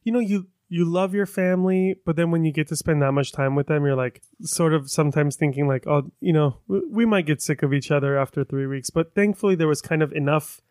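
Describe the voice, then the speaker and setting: A man's voice: on the high side, fairly quick, hardly any pauses, a little mellow, dry recording, clean studio sound. An American man in casual chat as a podcast co-host, easygoing and agreeable, often laughing along. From United States.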